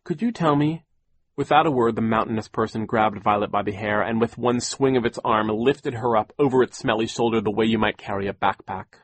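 A man narrating an audiobook in a measured, wry storytelling manner. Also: on the low side, steady tone, no room sound. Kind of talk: scripted narration.

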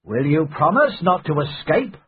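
A man doing a cunning one-legged pirate chief who barks his orders loud and high and stretches out each word. The voice is rough and husky. It sounds tinny and narrow, like a phone line. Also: very animated, exaggerated voice. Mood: bargaining. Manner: raised, booming and drawn-out.

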